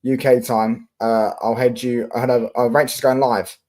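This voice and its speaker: A young Londoner with a London accent hosts a casual football livestream, answering his chat in slangy, sweary talk. His voice is medium-pitched, level, and warm, at a normal speed.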